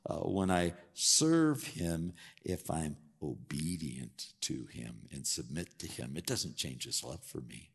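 Gravelly-voiced preacher in a reverberant hall. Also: male voice, extremely low pitch, slow pace. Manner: animated, conversational preaching with rhetorical questions. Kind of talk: sermon.

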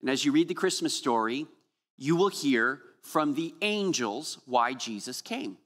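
A man's voice: medium pitch, expressive, a little slow, a bit bright, long reverb tail. A man preaching a Christmas Eve sermon as pastor, praying earnestly and then telling playful, humorous stories to the congregation. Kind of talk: sermon with opening prayer.

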